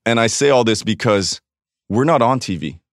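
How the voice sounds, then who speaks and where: A Los Angeles podcast guest with a mid-range voice and lively intonation speaks at a moderate pace, recounting a personal story with blunt profanity and acted-out quotes. The studio sound is dry and clean.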